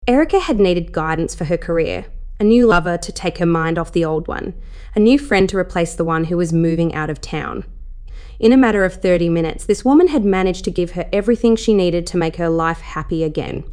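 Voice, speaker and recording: A woman narrating an adult story in a soft, steady reading voice as the channel host. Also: fairly low pitch, fairly quick, clear, resonant tone.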